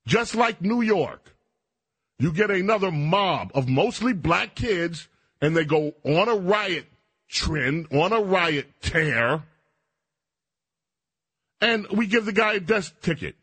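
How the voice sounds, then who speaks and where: A man's voice: sits high, expressive, takes it slowly, long pauses, fairly bright tone, slightly rough. A man hosting a radio talk show, delivering an indignant, emphatic monologue with stammered restarts.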